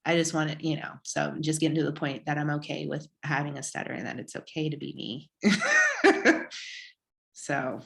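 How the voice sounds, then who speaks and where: Female guest, stutters, reflective, deep with vocal fry. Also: big pitch swings, moderate pace, long pauses, a bit bright. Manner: stutters, with repeated words. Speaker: podcast guest. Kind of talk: casual podcast conversation.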